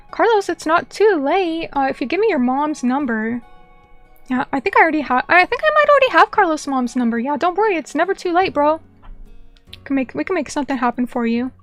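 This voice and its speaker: High-voiced chatty young woman streamer. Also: expressive, a little fast. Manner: chatty, apologetic, rambling with many fillers. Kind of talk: casual chat with viewers. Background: faint background music.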